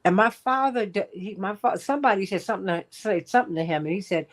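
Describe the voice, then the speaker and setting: A woman hosting a talk show, telling stories in a lively, chatty way with frequent laughs. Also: medium pitch, fast talker. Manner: animated storytelling, laughs often, addresses guests by title. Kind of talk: casual radio talk.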